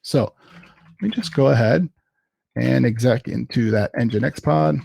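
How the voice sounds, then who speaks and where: A man giving a casual live software demo at a tech meetup, thinking aloud as he types commands. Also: medium pitch, a little slow, creaky, breathy edge, no room sound, clean studio sound.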